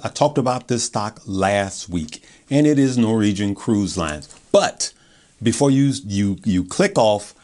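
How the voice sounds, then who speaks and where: A man hosts his own stock market channel, delivering casual investing video talk in a hyped, rambling style that keeps breaking off and restarting. His voice is lowish with a darkish tone.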